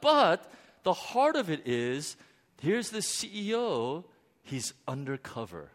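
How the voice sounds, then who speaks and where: Guy preaching a sermon, voice jumps all over, kinda high, big echoey hall. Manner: animated, emphatic preaching with dramatic pauses and restarts. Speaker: pastor. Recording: long hall reverb.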